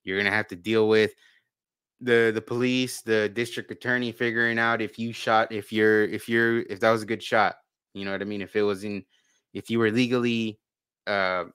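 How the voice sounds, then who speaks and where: A man's voice: fairly low pitch, flat delivery, moderate pace, a bit bright, clear, resonant tone, no echo. A man co-hosting a podcast, talking casually and rambling with many restarts and repeated words. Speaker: podcast co-host. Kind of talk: casual conversation.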